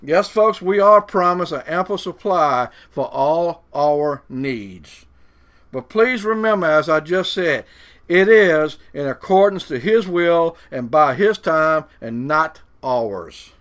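The preacher's voice is fairly high, expressive and a bit bright, and his style is folksy. He pauses dramatically and slows down to emphasize the verses he reads, while mocking doubters in a put-on voice.

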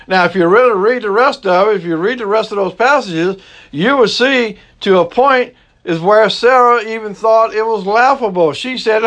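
Man, pastor, folksy chatty sermon, slightly high voice. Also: moderate pace, a bit bright. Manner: folksy, conversational preaching with Southern turns of phrase.

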